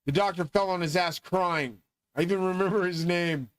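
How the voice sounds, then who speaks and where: Middle-aged male host, grandiose profane rambler; slightly high voice, dry close mic. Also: moderate pace, clear, resonant tone, no room sound, poor audio. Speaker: channel host. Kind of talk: rambling monologue.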